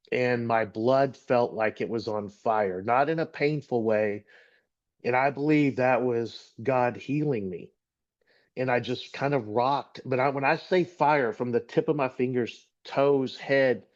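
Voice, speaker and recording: A middle-aged man from Texas giving an earnest, halting personal testimony as a guest speaker, often repeating words as he gathers his thoughts. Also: mid-range voice, a little mellow. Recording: dull lo-fi recording.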